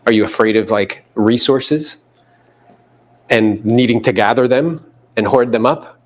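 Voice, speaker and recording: A man coaching real estate agents in a live seminar, animated, acting out quotes and swearing casually. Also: medium pitch, unhurried. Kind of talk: live seminar talk to an audience.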